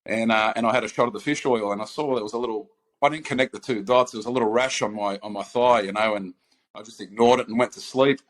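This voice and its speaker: A man's voice: fairly low pitch, fast talker. A man in casual conversation, telling a personal story with an easygoing, chuckling delivery. He circles back, restarts his phrases and breaks into laughter as the tale builds. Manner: laughing, animated anecdote with many restarts. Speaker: podcast host.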